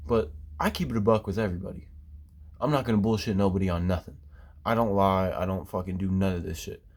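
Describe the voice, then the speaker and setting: Low-voiced man in a profane rant. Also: quick pace, darkish tone. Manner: swears constantly, rambling with many fillers and restarts. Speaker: former basement waterproofing worker.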